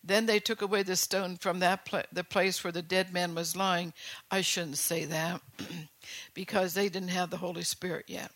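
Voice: medium pitch, little pitch movement, moderate pace, a bit bright, dry recording. Preacher reading and expounding scripture. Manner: reads Bible verses aloud, then comments with personal testimony; keeps checking in with listeners with "All right?".

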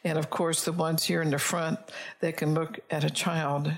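A woman's voice: deep voice, level tone, normal speed. A woman voicing God as a patient male creator in a told story, in her own earnest preaching voice.

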